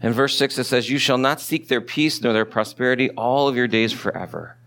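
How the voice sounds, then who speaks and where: A male pastor delivers a sermon in a conversational manner, asking the congregation questions. His medium-pitched voice is brisk and fairly bright.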